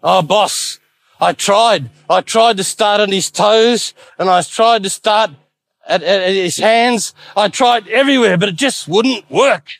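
A man's voice: high voice, unhurried, creaky, a bit bright, no room sound, pitched above the performer's own voice, full character voice. A man voicing Decay, a nervous male servant who stammers excuses.

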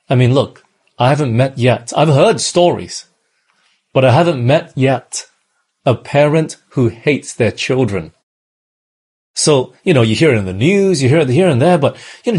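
A male preacher with a husky, slightly breathy voice, pitched in an ordinary middle range. He delivers his sermon earnestly, circling back over phrases and pressing the congregation with rhetorical questions. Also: big pitch swings, moderate pace, darkish tone.

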